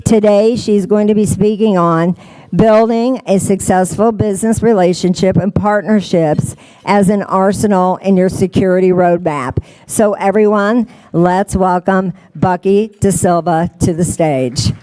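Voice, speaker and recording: Mellow-voiced woman announcing a speaker. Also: medium pitch, fairly even intonation, measured pace, poor audio. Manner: announcing, formal. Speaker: event host introducing speaker. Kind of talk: stage introduction.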